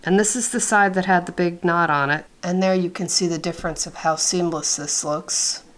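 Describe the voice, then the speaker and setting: A woman calmly explaining beadwork step by step as host of a craft tutorial, recorded indoors at her workspace on the camera mic. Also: fairly low pitch, normal speed. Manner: calm, instructive, methodical.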